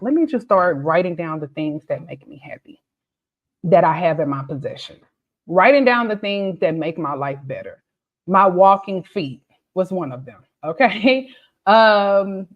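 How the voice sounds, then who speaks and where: A woman tutor speaks to her students in an encouraging, chatty way, often checking in with them as she talks. Her voice sits at an ordinary middle pitch. The audio is a little dull and lo-fi. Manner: warm, motivational, conversational with frequent "okay?" and "right?". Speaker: pharmacy tutor.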